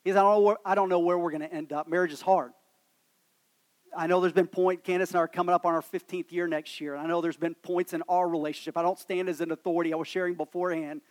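A man's voice: sits high, steady tone, fast. A man, a pastor preaching a sermon in a church in a conversational, self-deprecating storytelling manner. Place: church sanctuary.

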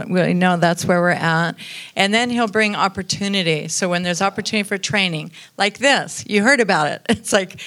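A woman's voice: mid-range voice, fairly bright tone. A woman on a church conference panel, speaking in an encouraging and enthusiastic way.

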